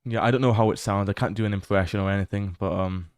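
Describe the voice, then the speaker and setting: Laid-back male game streamer, low voice. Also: fast talker, a little hiss or hum. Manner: relaxed, chatty, laughs often, swears casually. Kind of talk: casual livestream commentary while exploring a game.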